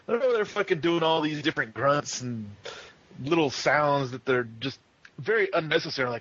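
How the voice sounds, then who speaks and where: A man's voice: on the high side, animated, normal speed, a bit bright. Laughing, swearing man in lo-fi chat. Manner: swears a lot, laughs often. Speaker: podcast co-host. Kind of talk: casual review chat. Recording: dull lo-fi audio.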